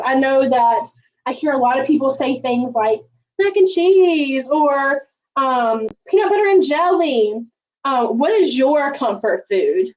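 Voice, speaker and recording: A woman's voice: high voice, far from the mic, muffled recording. A woman hosting a home cooking livestream, chatting folksily to viewers with lots of ums. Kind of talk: casual livestream chat while cooking. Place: home kitchen.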